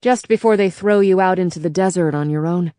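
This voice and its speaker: Low-voiced woman narrating a novel. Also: mellow, no room sound, clean studio sound. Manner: measured, plain first-person storytelling. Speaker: audiobook narrator. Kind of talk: scripted narration.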